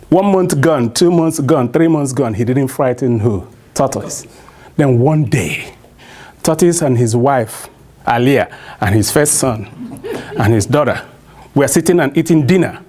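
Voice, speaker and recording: A man's voice: medium pitch, expressive, measured pace, darkish tone. A man with a Nigerian accent telling a traditional story to a live audience, prompting them with call-and-response questions.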